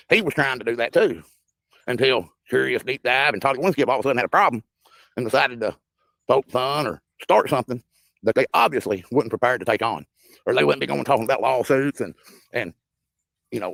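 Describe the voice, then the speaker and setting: A man's voice: medium pitch, creaky, a bit bright, no room sound, clean studio sound. A man giving insistent, preachy commentary as a guest, repeating his points. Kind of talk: impassioned commentary.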